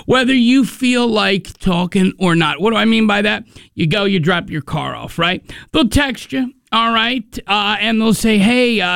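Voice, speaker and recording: High gravelly radio host who laughs a lot. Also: male voice, a bit bright, no echo, clean studio sound. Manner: laughs often, acts out characters. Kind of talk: morning radio banter. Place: radio studio.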